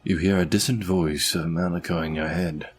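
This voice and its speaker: A man's voice: deep voice, fairly even intonation, normal speed, husky, soft background music. A man narrating as game master in a tabletop game, describing scenes casually with many fillers.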